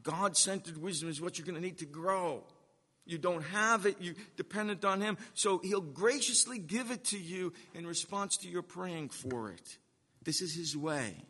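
A man preaching a sermon as a pastor, emphatic, swinging between loud stresses and hushed asides and slowing down to drive points home. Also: high voice, husky, in a large hall.

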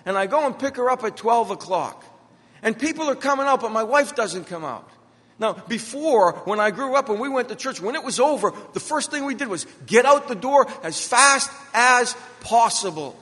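A man's voice: extremely high pitch, lively intonation, normal speed, pushed and bright. A middle-aged man preaching a sermon as pastor, driving his points home with emphatic repetition and personal stories. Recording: long reverb of a hall.

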